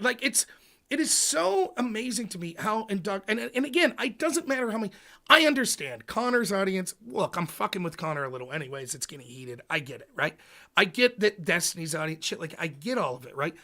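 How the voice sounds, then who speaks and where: A man with a high, bright voice hosts a political livestream. He rants in a casual, profane way, and his pitch swings widely as he argues. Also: a little fast. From United States. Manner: animated, profane ranting. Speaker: livestream host.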